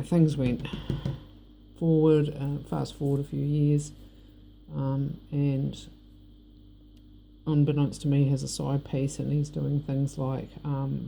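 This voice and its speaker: A middle-aged woman with a New Zealand accent tells a personal story straight to camera. Her voice is very dark and mellow with a gravelly rasp, and she talks bluntly and rambles. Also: low-pitched, a little hiss or hum. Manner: blunt, rambling, frank with swearing. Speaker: vlogger. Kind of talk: personal monologue.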